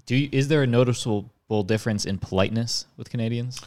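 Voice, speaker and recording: A man hosting a casual podcast, throwing in quick jokes. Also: mid-range voice, darkish tone. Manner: joking interjections.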